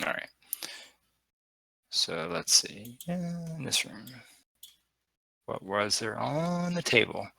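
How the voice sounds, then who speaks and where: Man, dungeon master, loose hesitant narration, bright tone, dry close mic. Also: on the high side, lively intonation, slow, vocal fry, pauses often, dry recording. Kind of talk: narrating a tabletop game.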